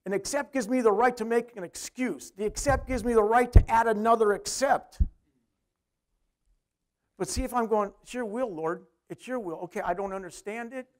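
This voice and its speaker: A man's voice: very high-pitched, normal speed, a little mellow. A middle-aged male pastor preaching a sermon in a conversational way, often asking the congregation questions.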